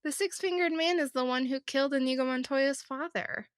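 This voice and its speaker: A woman's voice: high voice, brisk, dry recording, studio quality. Giggly woman chatting on a podcast. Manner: giggly, playful. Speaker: podcast co-host. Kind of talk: casual chat. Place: room beside an open window at night.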